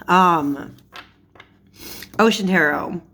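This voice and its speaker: A young woman with a low voice talks casually to her viewers about cards she finds funny. She giggles often and leans on "like" as a filler. Her chat is loose and friendly. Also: drawn-out words, pushed and bright, a little hiss or hum. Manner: giggly, chatty, lots of "like" fillers. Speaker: tarot YouTuber.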